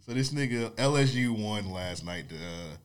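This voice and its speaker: A man co-hosting a loose podcast chat, his deep voice hoarse and fading. His pitch swings widely as he talks, and he jumps into quoted voices to act out stories. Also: moderate pace. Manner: animated, acts out quotes in shifting voices. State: losing his voice. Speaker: podcast co-host. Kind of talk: casual podcast banter.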